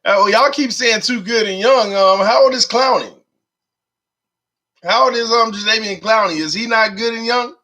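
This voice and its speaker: A man hosting a casual live stream, animated and laughing often as he reads viewer comments aloud. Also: high-pitched, moderate pace. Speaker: live-stream host reading chat.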